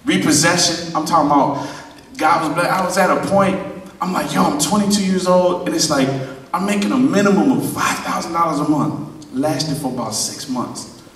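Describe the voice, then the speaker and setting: Man, thirties, lively storyteller, slightly high voice, boomy hall, far from the mic, faint hiss. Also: moderate pace. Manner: animated, acts out quotes, laughs often. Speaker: drummer giving a clinic talk. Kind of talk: live storytelling to an audience. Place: large hall at a drum event. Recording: echoey hall, voice from afar.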